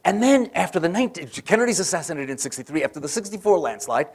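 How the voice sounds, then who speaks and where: A man's voice: on the high side, expressive, quick pace, a little mellow. A man giving a conference lecture, telling political stories and acting out the quoted voices. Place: conference hall.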